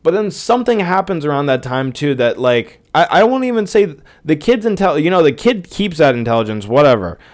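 A man's voice: a little high, very animated, a little fast, hardly any pauses. A young man hosting a podcast, ranting in a rambling, profane, exasperated way. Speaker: podcast host. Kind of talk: casual rant.

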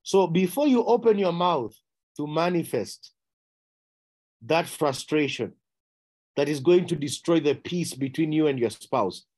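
A man's voice: expressive, a little slow. Emphatic preacher man, repeated questions. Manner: emphatic, repeats key phrases and rhetorical questions; rising in pitch and loudness on key words. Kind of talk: sermon.

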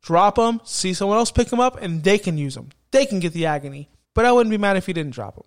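A man's voice: high-pitched, animated, quick pace. A man hosting a podcast, ranting emphatically and swearing about fantasy football picks. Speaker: podcast host.

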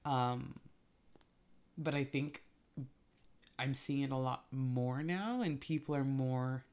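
Low-voiced woman, jokey casual chat. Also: takes it slowly, a little mellow. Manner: jokey, laughs often, rambling. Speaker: podcast co-host.

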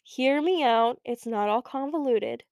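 A playful, blunt best friend with a teasing edge, voiced by a woman narrator. Her voice sits fairly high and close, on a dry studio mic with no room around it. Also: measured pace, darkish tone, dry recording. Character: teasing, loyal young woman friend on the phone. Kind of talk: audiobook character voice.

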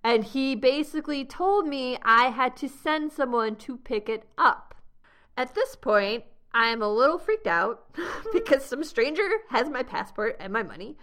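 A young American woman hosting a travel podcast, telling a story in a lively, laughing way. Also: sits high, measured pace. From United States. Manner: animated storyteller, laughs often. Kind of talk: casual storytelling chat.

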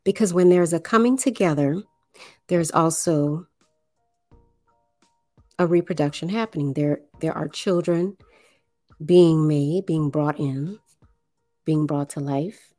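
A woman from the New Orleans area giving a slow explanatory monologue, with deliberate, drawn-out phrasing and pauses. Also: low voice, dark tone, no echo, faint music behind.

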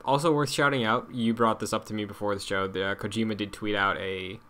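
A man with a somewhat low voice co-hosts a casual gaming podcast. He is enthusiastic and builds up to each idea before he pitches it, in easy conversation with his co-host. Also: fairly even intonation, brisk, fairly bright tone.

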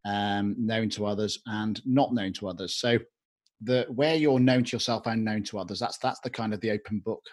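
A man's voice: lowish voice, moderate pace. A man hosting a podcast and explaining an idea step by step. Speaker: podcast host. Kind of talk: podcast conversation.

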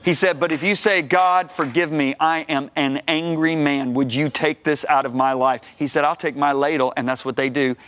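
A middle-aged man shares his testimony as a guest minister, acting out the dialogue in animated bursts. His voice sits a little high. He gets loud whenever he hits a point he wants to stress. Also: moderate pace, few pauses. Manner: animated storyteller, rising loud when emphatic; acts out quoted dialogue. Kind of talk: testimony in a talk show.

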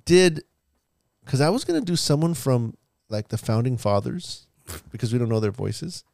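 Male podcast co-host, mid pitch, dry close sound, deadpan one-liners. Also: normal speed, creaky, no echo. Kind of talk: casual banter.

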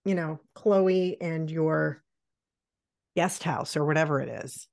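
A woman's voice: deep voice, fairly even intonation, takes it slowly, vocal fry, a little mellow, no room sound. A woman co-hosting a podcast, chatting casually and sarcastically about an old film. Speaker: podcast co-host.

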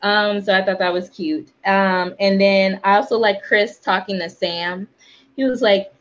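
A woman's voice: mid-range voice, fairly even intonation, a little slow, a bit bright. A woman co-hosting a podcast in casual chat, rambling with frequent ums and light laughs. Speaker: podcast co-host. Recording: dull, lo-fi sound.

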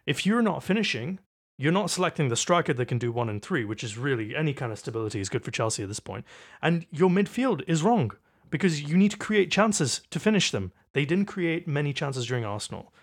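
A man's voice: fairly high pitch, big pitch swings, slightly rough. British man, podcast co-host, casual football chat, argumentative. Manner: quick, argumentative.

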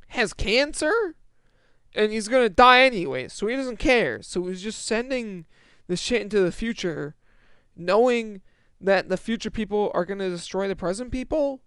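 A man's voice: high voice, sing-song, normal speed, a bit bright, clear, resonant tone, no room sound, studio quality. A young man in a casual, exasperated rant about a movie, swearing and restarting his sentences as he rambles. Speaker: movie reviewer.

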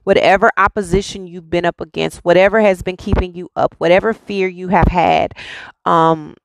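Gravelly-voiced woman giving a spiritual reading. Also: fairly low pitch, fairly even intonation, moderate pace, low-quality recording. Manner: repetitive, insistent phrasing; reassuring. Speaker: spiritual reader.

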